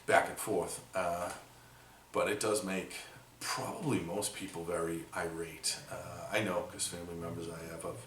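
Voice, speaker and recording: A man's voice: low voice, steady tone, normal speed, fairly bright tone, distant mic. A man talking casually while taking apart electronics for scrap, rambling with lots of fillers and opinions. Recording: echoey room, voice from off the mic, faint noise.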